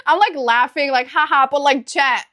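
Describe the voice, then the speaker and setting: A woman's voice: high voice, slow pace, bright, forceful tone. A young woman live streaming, chatting casually with her viewers, laughing often and thanking them for subscriptions.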